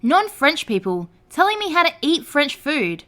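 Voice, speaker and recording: A woman narrating online stories aloud in a lively storytelling read. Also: sits high, moderate pace.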